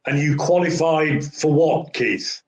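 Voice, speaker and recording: A man's voice: fairly high pitch, takes it slowly. A male interviewer asking questions in a courteous, effusive manner. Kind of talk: conversational interview. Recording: echoey room.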